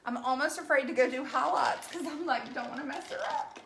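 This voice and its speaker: A woman's voice: sits high, brisk, creaky, fairly bright tone. A woman hosting a casual live painting stream, bubbly and chatty with viewers, recorded at home on a device mic at a distance. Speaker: craft painter hosting a livestream. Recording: echoey room with faint noise.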